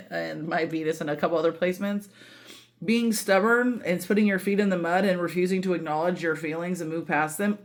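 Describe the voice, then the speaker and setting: A woman giving a casual tarot reading, emotional and candid, swearing freely and talking with lots of fillers. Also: on the low side. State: voice breaking with emotion. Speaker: tarot reader.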